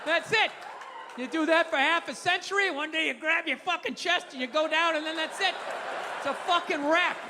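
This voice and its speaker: A man's voice: extremely high pitch, brisk, a crowd in the background, background noise. A middle-aged man doing a stand-up comedy routine, profane and ranting as he mocks himself. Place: comedy stage in a large hall. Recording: live hall with reverb, faint ambience.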